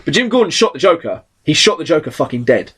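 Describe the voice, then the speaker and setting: A man hosting a podcast, chatting casually about comic books, animated and swearing often as he acts out characters' lines. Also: fairly high pitch, fast talker, breathy edge. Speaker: podcast host. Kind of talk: casual comic book chat.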